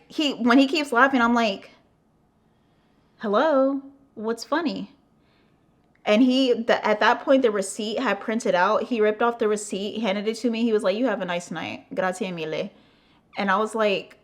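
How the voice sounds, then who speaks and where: Animated young woman telling a story. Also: a little high, measured pace. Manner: animated, swearing, acting out quotes, frequent "like" fillers. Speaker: vlogger. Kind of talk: casual storytime.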